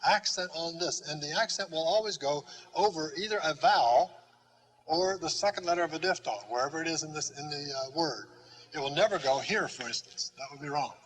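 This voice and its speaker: An older man teaching a classroom Greek lesson, patient and halting with many pauses. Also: a little high, fairly bright tone, rough recording. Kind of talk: classroom lecture.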